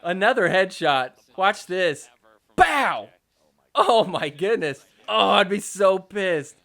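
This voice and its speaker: A young man hosting a podcast, recapping match footage in a joking, excitable way with mock outrage. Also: high voice, slow. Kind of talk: casual sports recap commentary.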